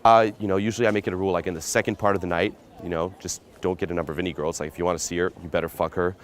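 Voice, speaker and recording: Blunt, profane American dating coach. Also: male voice, deep voice, steady tone, racing. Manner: blunt, profane, keeps checking "okay?". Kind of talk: casual coaching vlog.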